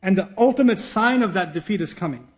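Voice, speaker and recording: High-pitched guy giving a lively lecture sermon, keeps throwing rhetorical questions. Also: brisk. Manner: animated, rhetorical questions and acted-out dialogue. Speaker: Islamic teacher.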